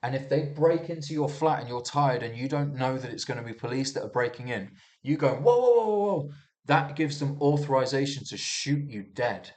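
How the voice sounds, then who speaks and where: A man's voice: medium pitch, a little fast, hardly any pauses, darkish tone. Heated rambling man. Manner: heated, rambling, frequent restarts and swearing. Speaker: commentator reviewing the news. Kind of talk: casual rambling monologue.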